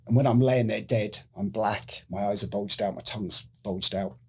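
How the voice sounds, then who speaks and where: Husky British man telling a story. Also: fairly low pitch, moderate pace. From United Kingdom. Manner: animated storyteller who acts out quoted lines. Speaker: guest, former special forces medic. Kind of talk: casual storytelling interview.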